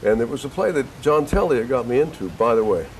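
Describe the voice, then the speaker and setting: An older man, an actor being interviewed, telling stories in an animated, rambling way with restarts. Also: medium pitch, fast, slight background noise, poor audio. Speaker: actor guest. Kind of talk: conversational interview storytelling. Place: local TV studio.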